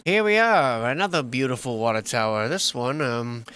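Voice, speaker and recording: A man's voice: medium pitch, expressive, normal speed, a bit bright, smooth. A man giving casual, wry, rambling commentary over old photos, often playfully sarcastic. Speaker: history vlogger.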